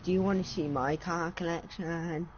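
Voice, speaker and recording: A man's voice: on the high side, fairly even intonation, normal speed. A man in a casual gaming chat, laid-back and teasing, leaning on "dude" all the time. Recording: muffled with faint hiss.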